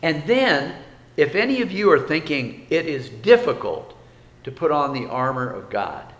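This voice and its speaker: A man's voice: on the high side, very animated, measured pace, fairly bright tone. Man preaching, folksy, voice swings up and down a lot, echoey room. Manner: folksy preaching with rhetorical questions and repetition. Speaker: pastor. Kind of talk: sermon.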